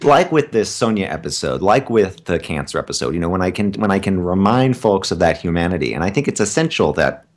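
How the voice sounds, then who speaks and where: A man talking as a guest in a casual interview, with a somewhat low voice. His pitch swings widely as he gets animated. He is chatty and self-deprecating. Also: fairly quick, hardly any pauses. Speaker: guest, stage actor.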